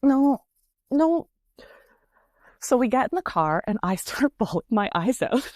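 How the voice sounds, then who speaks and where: A woman guest, a spiritual coach, telling a personal story in a casual, earnest and expressive way. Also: medium pitch, moderate pace, no echo, studio quality. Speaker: spiritual coach and energy healer, podcast guest.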